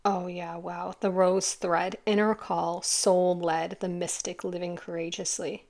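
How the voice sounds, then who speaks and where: A woman giving a casual, earnest tarot reading, rambling warmly with many fillers and growing teary as she talks. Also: lowish voice, flat delivery, measured pace. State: tearful at times. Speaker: tarot reader.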